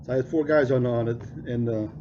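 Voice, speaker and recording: A man's voice: mid-range voice, fairly even intonation, fairly quick. A man co-hosting a podcast, telling stories in a laid-back, chuckling casual chat. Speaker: podcast co-host. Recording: muffled lo-fi with faint hiss.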